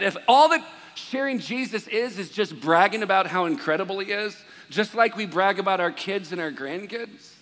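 A man preaches from a stage mic, his slightly raised voice ringing through a large hall with long reverb. He tells funny everyday stories and plays every person in them, moving between joking and earnest encouragement. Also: on the high side. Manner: animated, jokey, acts out both sides of conversations. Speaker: pastor. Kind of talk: sermon with comic storytelling.

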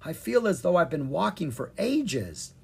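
A drowsy young princess speaks slowly and sounds bewildered, her husky voice lifting high at each question, as the storybook narrator puts her on. Her tone is sleepy and a little dazed. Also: very animated, a little mellow, full character voice.

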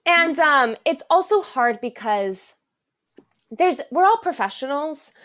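A young woman in a casual podcast interview, talking about life as a Broadway performer in a fairly high voice. She tells her stories with energy and acts out the lines other people said. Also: slow. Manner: animated storyteller, acts out quotes.

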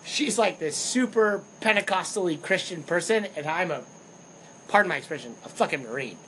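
Animated, storytelling young man, slightly high voice. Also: normal speed, slight background noise, low-quality recording. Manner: animated storyteller, swears freely. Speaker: podcast co-host. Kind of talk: casual chat.

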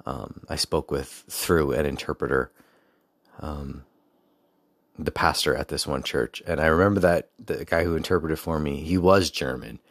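A man's voice: extremely low pitch, normal speed, no echo, clean studio sound. A man in his forties telling a rambling personal story, with many fillers and digressions. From United States. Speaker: speaker recounting a personal story. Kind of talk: casual storytelling monologue.

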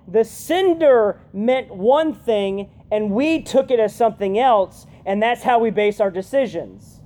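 Mellow woman preaching casually. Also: on the high side. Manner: chatty, keeps asking "right?". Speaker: youth pastor. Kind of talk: conversational youth sermon.

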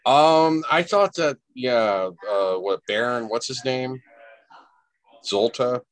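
A man's voice: mid-range voice, slow pace, clean tone, dry recording. A man hosting a casual podcast chat, giving blunt advice to his co-host.

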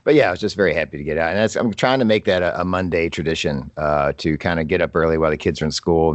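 Deep gravelly man. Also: no room sound. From Kentucky, USA. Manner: rambling, with frequent restarts and chuckles. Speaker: podcast co-host. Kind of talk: casual chat.

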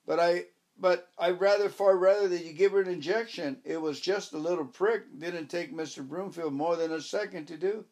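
A man's voice: sits high, normal speed, darkish tone. A man voicing an anxious, insistent older woman who pleads and wails over her dog in a storybook reading. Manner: pleading, stubborn, wailing.

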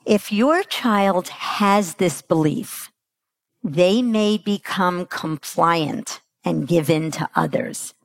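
A woman speaks slowly and emphatically at a parenting workshop and often turns to the audience with questions. Her voice has a gravelly edge. The sound is dry and close. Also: fairly low pitch, no room sound. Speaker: parenting coach. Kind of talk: workshop talk.

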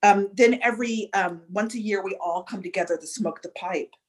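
A woman as a podcast guest, telling a personal story in a reflective way, often pausing to search for words. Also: mid-range voice.

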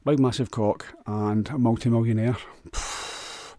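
A man's voice: medium pitch, expressive, normal speed, dark tone, no room sound, studio quality. A man with a Scottish accent rambling crudely through a jokey solo monologue, often restarting and stumbling over words.

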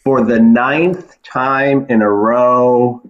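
A man's voice: medium pitch, fairly even intonation, drawn-out words. A man hosting a casual podcast, steering the talk and making dry jokes. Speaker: podcast host. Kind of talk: casual chat among friends. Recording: dull lo-fi mic.

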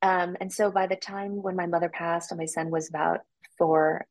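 Lower-voiced woman telling a personal story. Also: moderate pace, poor audio. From United States. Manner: animated, acts out quoted voices with sudden jumps in pitch. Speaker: podcast guest. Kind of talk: casual interview storytelling.

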